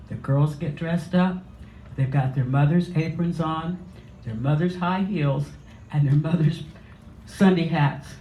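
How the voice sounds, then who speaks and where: A man's voice: fairly high pitch, slight background noise. A man reading a story aloud at an open mic in a small cafe. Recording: dull, echoey cafe room.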